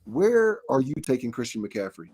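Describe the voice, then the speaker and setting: Man hosting a sports quiz on a call, animated delivery. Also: mid-range voice, moderate pace, breathy edge. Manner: lively, animated, laughs often. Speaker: podcast host and quizmaster. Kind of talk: casual fantasy football quiz chat.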